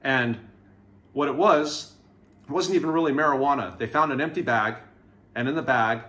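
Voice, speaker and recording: A man's voice: mid-range voice, moderate pace. A man telling his own prison stories to camera in a casual, candid way, acting out the people he quotes. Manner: candid, animated retelling with quoted voices.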